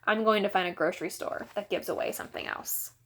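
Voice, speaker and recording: A woman's voice: medium pitch, steady tone, quick pace, fairly bright tone, slight background noise, natural voice. A woman voicing an exasperated mother who scolds firmly but lovingly. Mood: stern. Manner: firm scolding, emphatic.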